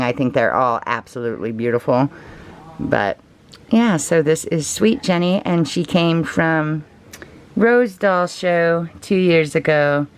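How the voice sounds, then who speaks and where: A woman chatting casually and gushing softly, laughing often as she shows off her collection. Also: sits low, a little hiss or hum. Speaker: reborn doll collector. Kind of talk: casual show-and-tell vlog.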